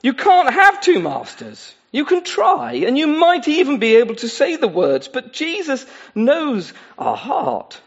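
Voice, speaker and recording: A man's voice: extremely high pitch, huge pitch swings, unhurried, hardly any pauses, slightly rough, highs cut off. A man preaching a sermon in an earnest, pleading way, addressing his listeners directly. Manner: earnest, pleading, with many asides.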